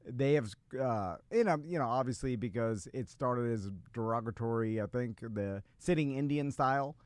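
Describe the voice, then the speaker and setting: A man's voice: mid-range voice, moderate pace, darkish tone, clear, resonant tone, no room sound. A man co-hosting a podcast in casual chat, rambling with many restarts and frequent laughs. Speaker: podcast co-host.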